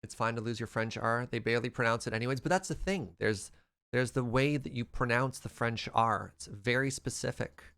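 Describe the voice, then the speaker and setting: A young man from Western Canada chatting casually while streaming a game, quick to laugh and reading out chat. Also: mid-range voice, fairly bright tone, clean tone. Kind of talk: casual gameplay livestream chat.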